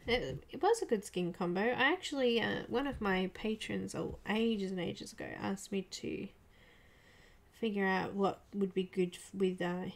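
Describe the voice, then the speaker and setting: A woman chatting casually on a live coloring stream, soft-spoken, often dropping into murmurs and whispers as she works. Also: mid-range voice, measured pace, vocal fry. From Australia. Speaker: livestream coloring artist.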